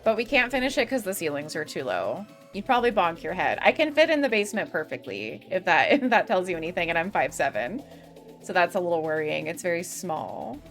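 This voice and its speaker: A woman's voice: on the low side, very animated, brisk, a bit bright, soft background music. Rambling, giggly young woman streamer. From US Midwest. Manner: rambling, giggly, swears freely. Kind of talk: casual gaming stream chatter.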